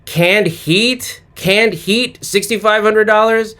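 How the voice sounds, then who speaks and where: A man in a casual comedic monologue, reading off names with deadpan, mock-clueless sarcastic asides and humming snatches of songs. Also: high voice, slow pace. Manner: hums and sings snatches of songs. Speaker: sports commentary vlogger.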